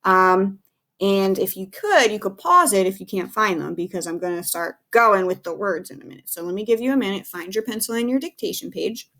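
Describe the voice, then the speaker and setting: A woman's voice: mid-range voice, a little fast, fairly bright tone. A woman teacher giving a recorded phonics lesson to young children, patient and encouraging, spelling words out letter by letter.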